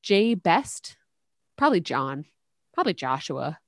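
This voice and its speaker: A woman's voice: low voice, big pitch swings, unhurried, no room sound, studio quality. A woman co-hosting a podcast, reading true-crime notes in a casual chat, stumbling over words and laughing. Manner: reads aloud, stumbles on words, laughs and jokes. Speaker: podcast co-host.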